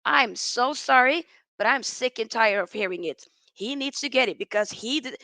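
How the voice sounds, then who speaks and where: A woman's voice: fairly high pitch, lively intonation, moderate pace, sharp tone, dry recording. A woman hosting a live football reaction stream, ranting with exasperation and reading out viewer chat comments. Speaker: football channel host.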